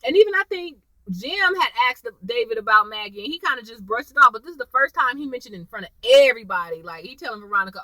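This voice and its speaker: A woman casually recapping a TV episode, acting out the characters' lines in a lively, chatty way. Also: on the high side, quick pace, few pauses, no room sound, low-quality recording. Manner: animated, acts out characters' lines. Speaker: TV episode reviewer.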